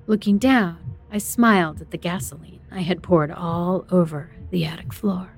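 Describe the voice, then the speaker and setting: A woman's voice: fairly low pitch, normal speed, soft background music. A woman narrating a first-person horror story in a tense, dramatic way.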